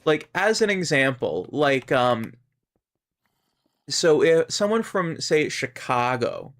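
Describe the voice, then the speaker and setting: A man's voice: a little high, sing-song, slow, a bit bright. A Canadian man chatting casually on a live game stream, rambling as he explains how words are pronounced. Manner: rambling, explains pronunciation to chat. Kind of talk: casual live-stream chat while gaming.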